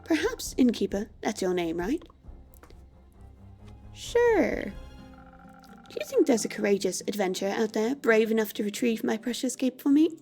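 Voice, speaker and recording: A woman's voice: a little high, sing-song, moderate pace, pauses often, darkish tone, faint music behind. A woman voicing a vain, fussy male vampire who speaks theatrically and melodramatically, reading a game aloud. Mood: dramatic. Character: vain dramatic male vampire, fussy about his cape.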